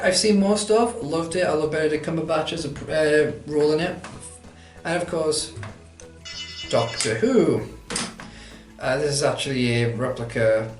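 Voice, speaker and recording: A man's voice: on the high side, roomy sound. A man, answering viewer questions in a casual vlog, chatty and rambling, poking fun at himself. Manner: chatty, rambling, self-deprecating.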